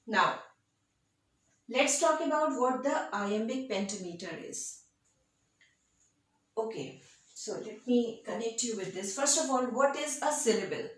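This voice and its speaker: A woman teaching literature, explaining sonnets in a slow, deliberate classroom lecture and checking in with her listeners as she goes. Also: a little high, animated. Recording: very echoey room.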